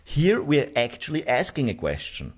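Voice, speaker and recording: A man's voice: mid-range voice, wildly swooping pitch, moderate pace. A man teaching a sales course, demonstrating question tonalities and checking in often with the learner. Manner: talks straight to the learner, checking with "right?". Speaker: sales trainer. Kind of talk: online course lesson.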